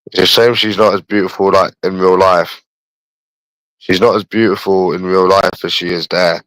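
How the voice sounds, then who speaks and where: A man's voice: low voice, level tone, moderate pace, a bit bright, no echo, rough recording. A young man with a London accent, chatting casually and bluntly to his livestream viewers, swearing often and calling them bro. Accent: London English. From England.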